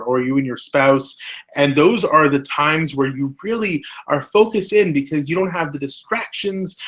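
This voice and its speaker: Earnest rabbi teaching a lecture. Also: male voice, fairly high pitch, fairly bright tone. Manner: earnest, explains step by step, poses rhetorical questions. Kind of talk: recorded lecture.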